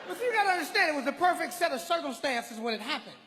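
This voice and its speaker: A man guesting on a comedy stage, telling his side of a story in a laid-back, deadpan way. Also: very high voice, fast talker, hardly any pauses. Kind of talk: stand-up storytelling. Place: large live comedy venue. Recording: stage mic in a reverberant hall with crowd noise.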